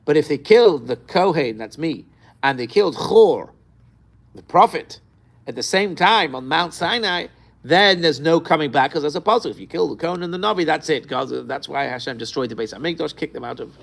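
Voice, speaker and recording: Gravelly man giving a lively Torah lesson. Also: fairly high pitch, a little fast. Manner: animated, rhetorical questions and acted-out quotes; mixes Hebrew terms into English. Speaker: Torah teacher.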